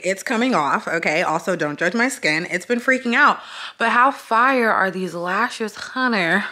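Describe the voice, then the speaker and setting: A young woman vlogging in a casual, chatty way, blunt and swearing freely, tired and a bit hoarse from losing her voice. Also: mid-range voice, pushed and bright. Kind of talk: casual vlog chat.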